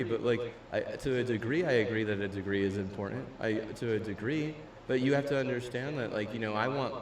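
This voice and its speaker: A young man ranting casually and profanely while streaming a game, full of fillers and restarts. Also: medium pitch. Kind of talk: casual rant while gaming. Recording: roomy, distant mic with faint room noise.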